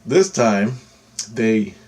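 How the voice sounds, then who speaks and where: A man's voice: lowish voice, sing-song, very slow, darkish tone, husky. A man vlogging a personal story to camera in a loose, rambling way, full of asides.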